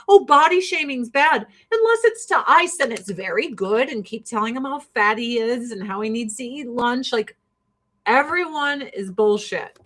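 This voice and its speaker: A woman's voice: high-pitched, animated, moderate pace, fairly bright tone. A woman host delivering a heated, sarcastic, profanity-laced rant. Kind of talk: ranting commentary.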